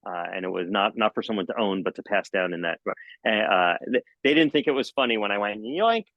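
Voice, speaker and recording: A middle-aged man, a magician, telling jokey stories in a podcast interview and acting out scenes with sudden high exclamations. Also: a little fast, dry recording, lo-fi sound. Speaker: magician and mentalist guest. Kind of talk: animated storytelling in a podcast interview.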